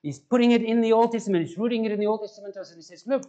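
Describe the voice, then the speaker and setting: Pastor guy, middle-aged, high voice, preaching casual and asking the crowd stuff. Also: rapid-fire, dark tone, highs cut off. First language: Afrikaans. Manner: conversational, asks the congregation questions. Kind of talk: sermon.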